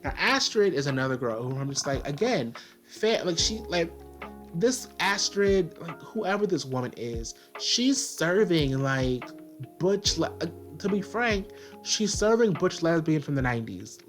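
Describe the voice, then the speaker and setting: A TV show reviewer with a high-ish, sing-song voice talks at an unhurried pace over faint music. In his casual video review he rants in a sassy, exasperated way, filling his speech with "like."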